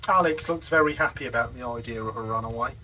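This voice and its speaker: A man's voice: mid-range voice, fast, bright, forceful tone, a little hiss or hum. A man hosting a casual gaming stream, joking and reading out chat messages. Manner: jokey, reads out live chat. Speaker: streamer host.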